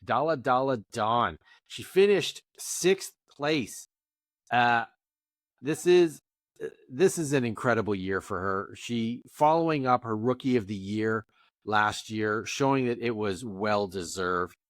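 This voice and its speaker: Man, podcast co-host, casual rambling chat, mid pitch, dry studio sound. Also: slow, dry recording. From Canada. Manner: rambling, animated, lots of restarts.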